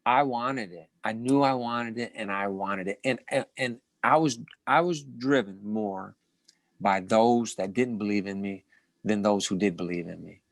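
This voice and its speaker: A middle-aged man, once a boxing champion, tells his fight stories with a low voice. He talks in bursts, repeats and restarts his words, and laughs often. His voice sounds dry and close, with no room around it. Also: unhurried, vocal fry, no echo. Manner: animated storyteller with many restarts and repeated words. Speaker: former boxing champion, guest. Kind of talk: storytelling in a casual interview.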